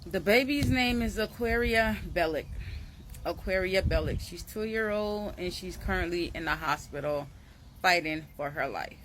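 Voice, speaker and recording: A woman's voice: fairly low pitch, unhurried, a bit bright, slight background noise. A woman giving emotional commentary to her viewers, urgent and emphatic, repeating her points. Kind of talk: emotional social media commentary.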